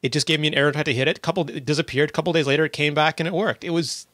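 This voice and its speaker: A man's voice: fairly high pitch, fairly even intonation, racing, pushed and bright, no echo, studio quality. A man from Canada hosting a casual tech podcast, wry and chatty, often restarting his sentences. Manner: chatty, wry, self-correcting. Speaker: podcast host.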